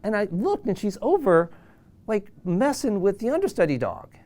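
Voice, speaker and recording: A man in his sixties, an animal trainer, telling an anecdote in an animated way and acting out the voices of the people in it. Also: high voice, normal speed. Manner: animated, acts out quoted voices. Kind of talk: storytelling anecdote.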